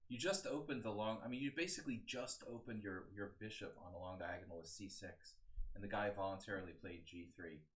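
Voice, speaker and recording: Talking fairly quickly in a lowish voice, a man in his forties who coaches chess analyzes games on a live-stream in a loose, meandering way, chatting with his audience as he goes.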